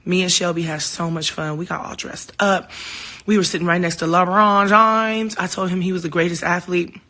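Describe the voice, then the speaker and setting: A woman's voice: fairly low pitch, steady tone, moderate pace, bright, forceful tone. A woman talking casually to her fans on a phone livestream, heartfelt and open, swearing now and then. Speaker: singer hosting a livestream.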